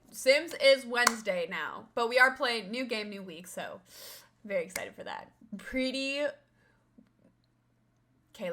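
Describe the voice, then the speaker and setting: A woman's voice: fairly high pitch, bright, forceful tone. A young woman streamer chatting casually with her viewers, rambling and swearing now and then.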